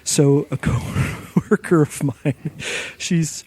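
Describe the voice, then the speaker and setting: A man's voice: fairly high pitch, extremely slow, breathy edge, no echo. A man co-hosting a podcast, telling a funny anecdote in casual chat. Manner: lively anecdote telling with laughs. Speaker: podcast co-host.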